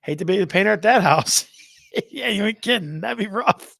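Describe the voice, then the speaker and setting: A man's voice: sits high, expressive, moderate pace, vocal fry, a bit bright, dry recording, studio quality. A man hosting a real estate livestream, chatting playfully, reading viewer comments and counting down contests. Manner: playful, reads out chat, counts down aloud. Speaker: real estate show host. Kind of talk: casual livestream chat.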